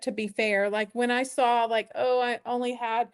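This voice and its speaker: A chatty middle-aged woman talks straight to her viewers in a relaxed vlog. Her voice sits a little high for a woman. She rambles, circles back and fixes her own slips as she goes. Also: moderate pace, clean tone. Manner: chatty and rambling, with many fillers and self-corrections. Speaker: weight-loss vlogger. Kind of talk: casual vlog chat, reading viewer questions.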